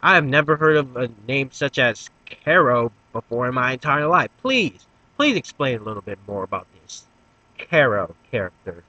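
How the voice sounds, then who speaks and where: A man's voice: medium pitch, very animated, moderate pace, bright, forceful tone, dry recording, muffled recording. A man voicing a sleepy, laid-back young slacker who questions in a drawling, mock-formal way.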